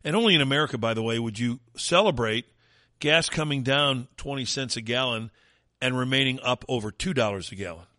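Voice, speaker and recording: A man's voice: mid-range voice, a little fast, pushed and bright, no room sound, clean studio sound. A man hosting a talk radio show, delivering a sarcastic, mocking rant in an opinionated monologue.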